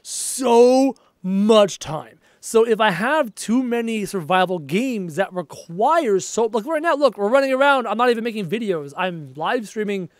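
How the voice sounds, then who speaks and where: Playing on a live stream, a talkative young man from Canada reads out chat messages and answers them in easygoing conversation. He sounds fairly high-pitched for a man, animated, at normal speed with few pauses, captured in a close, dry recording.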